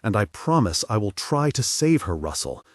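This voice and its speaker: A man's voice: fairly low pitch, sing-song, normal speed, slightly rough, no room sound, studio quality. A man voicing a brave, determined teenage girl who gives urgent, commanding orders, read for an audiobook. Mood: resolute.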